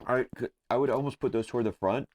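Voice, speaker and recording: A man's voice: medium pitch, quick pace. A man co-hosting a podcast, trading jokes in casual chat. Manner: joking, animated banter. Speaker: podcast co-host.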